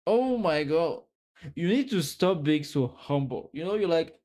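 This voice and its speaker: French-accented streamer teasing a viewer, slow unhurried talk, soft dark tone. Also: medium pitch. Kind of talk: casual live-stream chat.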